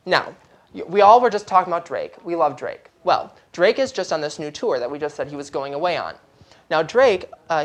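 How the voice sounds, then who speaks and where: A woman hosting a gossip segment, rambling chattily to a live audience and asking them to clap along. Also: deep voice. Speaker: show host.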